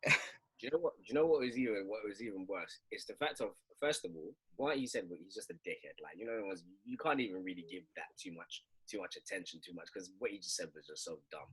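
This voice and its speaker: A man's voice: deep voice, fast talker, slightly rough. A man talking emphatically in a casual podcast chat with friends. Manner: emphatic, lively ranting. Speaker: podcast co-host.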